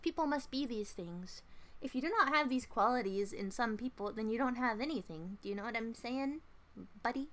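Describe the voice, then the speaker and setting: Woman rambling on stream to chat, kinda high voice, playful and self-mocking. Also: a bit bright. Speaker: livestream host. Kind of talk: rambling casual chat with viewers.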